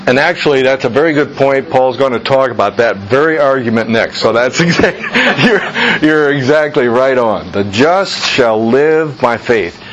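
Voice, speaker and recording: A man teaching a Bible class, repeating key phrases slowly for emphasis and joking with his students. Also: medium pitch, animated, highs cut off, noisy background.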